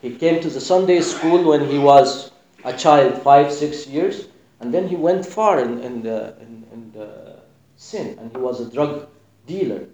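Impassioned preacher, echoey hall. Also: male voice, mid-range voice, animated, a little slow. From Sudan. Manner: impassioned, swinging between hushed and loud. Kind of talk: sermon.

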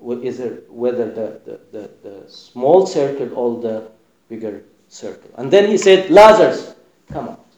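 A man preaching a sermon with passion, dropping to a hush and then rising loud. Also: medium pitch, expressive, a little slow, echoey room, poor audio. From Sudan. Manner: impassioned, swinging between hushed and loud.

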